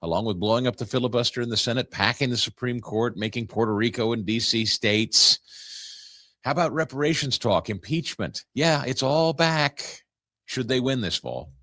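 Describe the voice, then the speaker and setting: A man's voice: medium pitch, lively intonation, moderate pace, pushed and bright, no echo, clean studio sound. A man hosting a political talk show, delivering opinionated commentary in a sarcastic, incredulous way.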